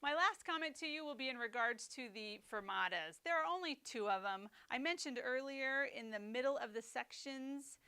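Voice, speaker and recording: A woman teaching a snare drum etude, explaining rhythm and phrasing in a clear, methodical way. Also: high-pitched, expressive, moderate pace, few pauses, bright, forceful tone. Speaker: percussion teacher. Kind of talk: instructional lesson.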